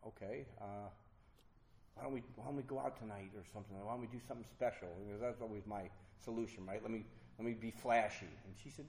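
A man's voice: fairly low pitch, fairly even intonation, quick pace, darkish tone, roomy sound, a little hiss or hum. Candid man telling a recovery story. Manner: candid, self-mocking, acts out voices in quotes. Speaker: speaker sharing a recovery story. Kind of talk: personal storytelling talk.

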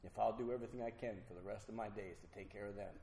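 A middle-aged man earnestly telling a personal recovery story to an audience, with halting restarts. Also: on the low side, mellow. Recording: roomy hall with faint noise.

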